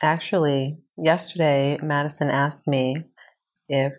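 A woman's voice: low voice, fairly even intonation, a little slow. A woman co-hosting a podcast in casual chat, teasing her partner and pressing him with questions. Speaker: podcast co-host.

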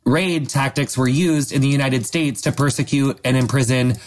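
A man's voice: mid-range voice, fairly even intonation, normal speed, a little hiss or hum. Chatty man asking rambling questions. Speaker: podcast host. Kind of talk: casual interview questions.

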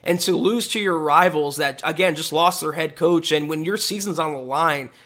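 A man with a fairly high voice co-hosts a sports podcast. He talks casually but states his opinions firmly and with emphasis. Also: moderate pace, a bit bright. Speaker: podcast co-host.

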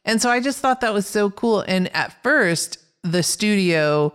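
A woman's voice: medium pitch, animated, unhurried, fairly bright tone, clear, resonant tone. A woman co-hosting a casual podcast chat, reading out film facts in an upbeat way. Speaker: podcast co-host.

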